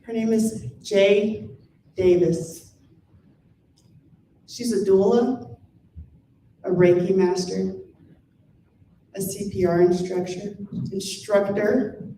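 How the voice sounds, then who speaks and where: A woman host introducing a speaker at an event in a measured, deliberate way. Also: mid-range voice, fairly even intonation, warm tone, slight background noise. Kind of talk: slow formal introduction. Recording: roomy sound from far off the mic.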